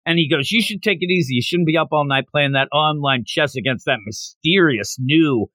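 A man from the United States in casual chat, animatedly recapping a story and slipping into quick character voices. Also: on the high side, sharp tone, no echo, studio quality. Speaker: podcast co-host.

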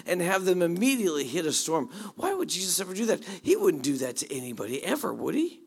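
Animated high-voiced male preacher. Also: a little fast, creaky, few pauses, husky. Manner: animated storyteller, jumps between hushed asides and excited retelling. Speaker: pastor. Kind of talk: sermon.

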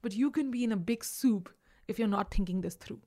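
A woman from India with an Indian accent, co-hosting a casual podcast chat in an animated, emphatic way, thinking aloud. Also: medium pitch, a little fast. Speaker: podcast co-host.

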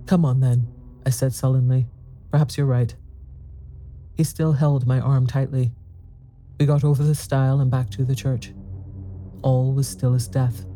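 Storyteller: man, very dark warm tone, tense first-person ghost story reading. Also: medium pitch, flat delivery, normal speed, soft background music.

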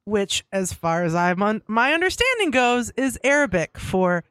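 A woman's voice: medium pitch, very animated, normal speed, a bit bright, dry recording. Chatty self-deprecating woman guest. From Rust Belt, United States. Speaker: podcast guest. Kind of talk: casual interview chat.

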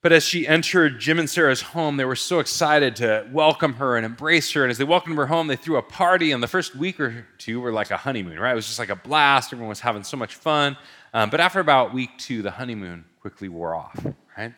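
A man's voice: medium pitch, lively intonation, a little fast, bright, forceful tone. A male pastor telling a story in a sermon, casual and conversational, with lots of filler words.

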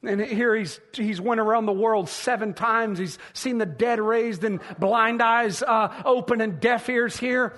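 Male preacher, bright cutting tone, fervent sermon delivery with shouted peaks. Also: high voice, a little slow, few pauses.

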